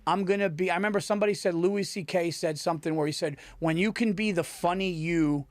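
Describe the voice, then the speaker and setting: Man, podcast host, fairly high voice, dry close sound, lively storytelling, acts out quotes. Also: quick pace, no echo. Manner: animated, swears freely, acts out quotes. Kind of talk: casual chat.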